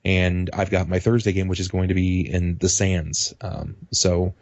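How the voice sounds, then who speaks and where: A man on a casual podcast, talking at length about the tabletop games he runs as game master, animated and rambling. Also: sits low, moderate pace, no room sound, muffled recording.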